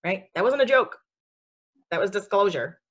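A woman's voice: mid-range voice, lively intonation, normal speed, a bit bright. A woman talking casually about spiritual matters, chatty and sassy with lots of fillers and frequent laughter. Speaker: spiritual speaker. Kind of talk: casual podcast chat.

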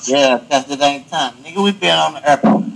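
A young man hosting a casual podcast, telling crude stories loudly and laughing often. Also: a little high, creaky, background noise. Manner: loud, laughing, crude storytelling. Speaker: podcast host.

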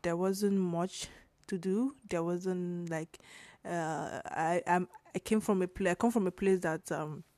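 A young woman from Nigeria hosting her own podcast, slightly hoarse, talking in a rambling, chatty way with fillers and self-corrections. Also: on the low side, warm tone, no echo. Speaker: podcast host. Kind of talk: casual solo podcast talk.

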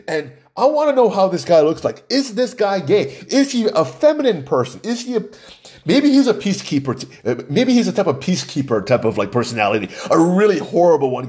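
Animated, mocking male commentator. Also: on the high side. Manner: animated, laughs often, mocking. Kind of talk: opinionated news commentary.

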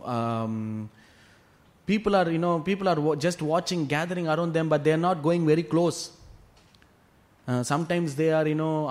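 Man telling a devotional class. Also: a little high. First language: Tamil. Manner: animated retelling with frequent "you know" fillers. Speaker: scripture class teacher.

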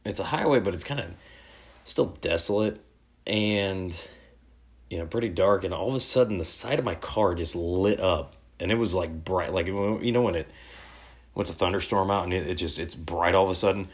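Low-voiced man telling rambling stories. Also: normal speed. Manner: rambling, profane, laid-back. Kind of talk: casual storytelling.

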